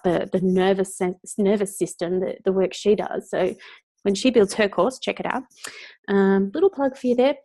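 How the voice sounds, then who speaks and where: A woman coach giving a live online training, talking casually and acting out little inner voices as she explains. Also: fairly high pitch. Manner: animated, acts out inner voices.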